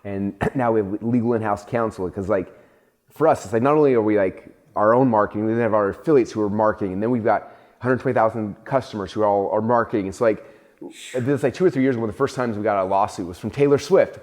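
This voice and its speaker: A man in casual conversation, telling stories with many fillers and restarts, jumping into a high voice to act out his own panic. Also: fast. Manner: animated storytelling, acts out his own panic in a raised voice. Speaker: host and entrepreneur.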